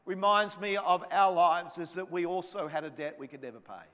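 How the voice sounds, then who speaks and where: A male pastor delivers a sermon with a fervent, driving cadence and returns again and again to repeated refrains. His voice sits fairly high for a man. It rings out with a long hall reverb behind every phrase. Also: normal speed, dull audio.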